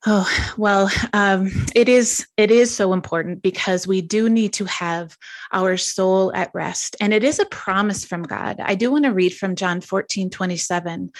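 Gentle, earnest middle-aged woman pastor. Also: medium pitch, no room sound. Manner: gentle, earnest, reflective storytelling. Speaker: pastor and guest. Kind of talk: devotional talk show conversation.

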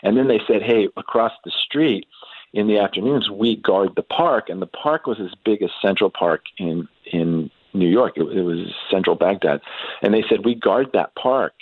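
A middle-aged man telling a story about his son in a relaxed, halting way, with many restarts and fillers. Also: fairly low pitch, no echo, phone-quality sound. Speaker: guest parent telling a family story. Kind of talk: casual storytelling in a faith podcast interview.

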